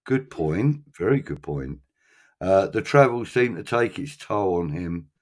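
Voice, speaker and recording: Guy hosting a fan chat, really low voice, lots of ums and pauses. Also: big pitch swings, darkish tone. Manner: chatty, hesitant with many ums. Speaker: podcast host reading chat comments. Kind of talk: casual fan chat show.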